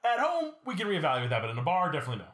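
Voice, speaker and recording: Young guy on a podcast, talks fast, pitch jumps all over, sounds kinda echoey. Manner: joking, animated storyteller. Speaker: podcast co-host. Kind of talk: casual chat. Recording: roomy echo.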